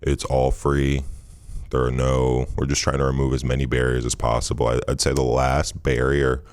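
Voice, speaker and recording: A man's voice: very deep voice, normal speed, clean tone, dry recording. A man from Michigan in his thirties, a former basketball player, talking casually in an interview with lots of fillers and restarts. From Michigan, USA. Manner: relaxed, rambling, frequent fillers and restarts.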